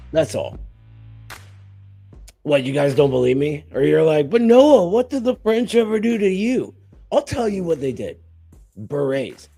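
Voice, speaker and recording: A man's voice: fairly high pitch, darkish tone, slightly rough. A man hosting a show, delivering a mock-outraged comedic rant full of sarcastic asides. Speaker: show host.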